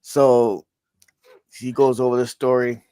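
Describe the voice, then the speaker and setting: Rambling man pitching a movie idea. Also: level tone, slow, dark tone, smooth, no echo, clean studio sound. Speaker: podcast co-host. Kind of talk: casual chat.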